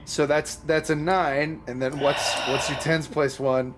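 Slow-talking male dungeon master. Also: on the high side, little pitch movement, noisy background. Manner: casual, profane, laughing narration. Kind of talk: narrating a tabletop game.

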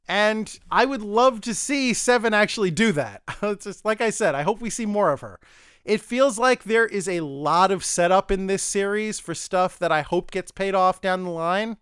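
A podcast host with a high, fairly bright voice casually reviews a TV episode at a moderate pace, rambling, chuckling, and acting out the characters' lines. His tone is clean, with clean studio sound and no room sound.

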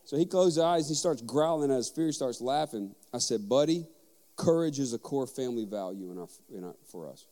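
A man, a father of young children, giving a sermon on parenting with lively storytelling and acted-out dialogue. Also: medium pitch, a little fast, long reverb tail. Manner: animated storytelling, acting out dialogue. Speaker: pastor.

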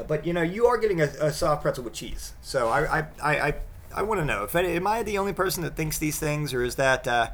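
A man in his thirties hosting a casual monologue, rambling with many halting restarts. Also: medium pitch, fairly bright tone, slight background noise.

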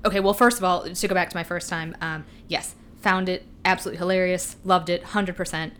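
A woman's voice: fairly low pitch, fairly even intonation, fairly quick, a bit bright, slight background noise. A woman co-hosting a podcast in casual chat, rambling and swearing freely, laughing as she goes. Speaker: podcast co-host.

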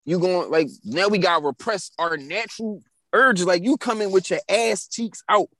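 A man's voice: sits high, normal speed, sharp tone, dry recording. A young man in casual conversation, telling stories in street slang and acting out what people said. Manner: slangy storytelling with acted quotes. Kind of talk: casual chat.

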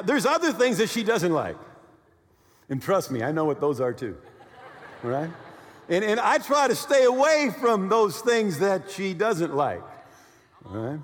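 A man in his sixties preaching a sermon, telling stories with lively asides and often asking his listeners "right?". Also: on the high side. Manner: animated storytelling with many "right?" check-ins. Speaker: pastor. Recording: long hall reverb.

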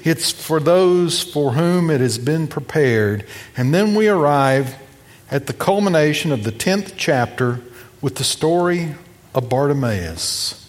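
A man preaching a sermon, telling a gospel story and acting out its voices, moving between loud and hushed. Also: a little high, animated, measured pace. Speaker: pastor. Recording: long reverb of a hall.

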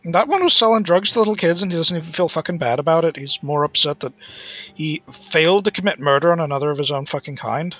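A man's voice: fairly high pitch, animated, fast talker, a bit bright, faint music behind. A man playing a tabletop role-playing game, joking, sarcastic and profane. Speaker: player. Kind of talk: casual tabletop role-play.

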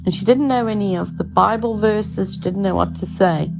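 A woman's voice: mid-range voice, normal speed, vocal fry. A woman giving an informal sermon, conversational and earnest, using everyday examples. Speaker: preacher. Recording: dull lo-fi sound with faint music.

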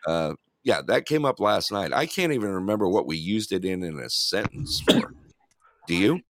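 A man's voice: deep voice, lively intonation, normal speed, slight background noise. A man hosting a casual live online talk show, joking and laughing often with callers. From New York. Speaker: host.

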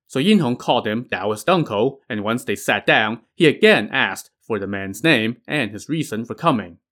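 A man's voice: mid-range voice, expressive, moderate pace, fairly bright tone. A man narrating a classic novel for a podcast, with wry conversational asides. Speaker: podcast storyteller.

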